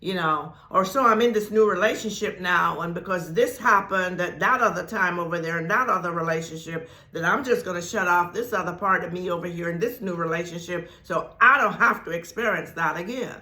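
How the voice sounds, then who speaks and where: A woman giving a spiritual talk as host of her channel, speaking deliberately, repeating phrases for emphasis and laughing often. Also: fairly low pitch, sharp tone. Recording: echoey room.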